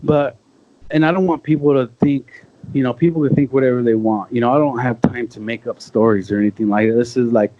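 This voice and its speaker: A man in his thirties telling his own story as a podcast guest in a casual, excited way, full of "bro" and "like". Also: medium pitch, a little fast, muffled recording, a little hiss or hum. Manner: excited, conversational, peppered with "bro" and "like".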